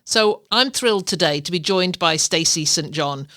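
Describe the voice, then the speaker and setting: A woman's voice: lowish voice, normal speed, pushed and bright, no echo, studio quality. A middle-aged woman with an English accent, hosting a podcast interview in an upbeat way and laughing often. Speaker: podcast host.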